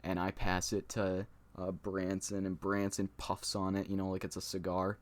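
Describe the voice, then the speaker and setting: A man's voice: low-pitched, completely flat delivery, moderate pace. A young man telling a story in a loose vlog style, with lots of swearing, fillers and laughter. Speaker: storyteller vlogger.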